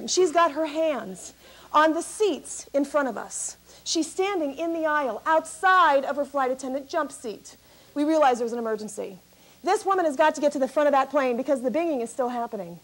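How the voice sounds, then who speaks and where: A woman keynote speaker telling a comic story to an audience, animated and laughing as she talks. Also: fairly quick. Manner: animated, laughing, high-energy.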